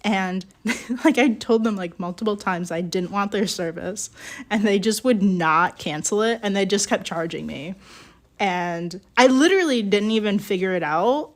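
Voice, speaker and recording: A woman's voice: medium pitch, normal speed. A young woman chatting casually as she works on pottery, telling a rambling story full of fillers and little laughs. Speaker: streamer working on ceramics. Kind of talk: casual chat while working. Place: home pottery studio.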